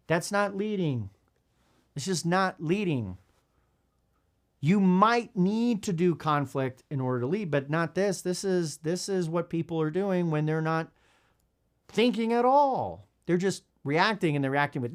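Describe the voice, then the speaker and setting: A man hosting a podcast, talking bluntly in casual commentary while reading from a parenting book. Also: unhurried. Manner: animated, blunt, swears, acts out kids in high voices. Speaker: podcast host.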